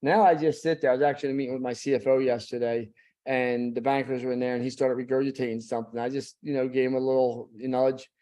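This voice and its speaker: A man's voice: mid-range voice, flat delivery, fast, warm tone. A middle-aged man giving a blunt, emphatic motivational talk as a guest speaker.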